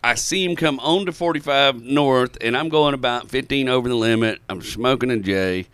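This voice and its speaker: A man's voice: mid-range voice, moderate pace, a bit bright, clear, resonant tone, no echo. A man, a comedian co-hosting a podcast, telling a story in a loose, swearing, laughing way. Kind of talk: casual storytelling chat.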